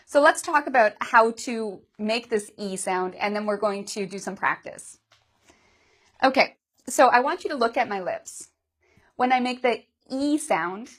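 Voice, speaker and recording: A woman's voice: a little high, a bit bright. Patient woman teaching pronunciation. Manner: patient, asks learners questions and models sounds. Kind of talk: pronunciation lesson.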